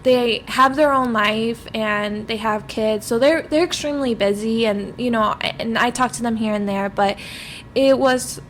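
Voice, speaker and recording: This young woman co-hosts a podcast and reflects on her friendships in an easygoing, thoughtful way. Her voice is a little higher than most women's. Faint noise hums underneath. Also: moderate pace. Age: young adult. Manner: reflective, heavy on "you know" fillers. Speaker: podcast co-host. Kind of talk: casual chat.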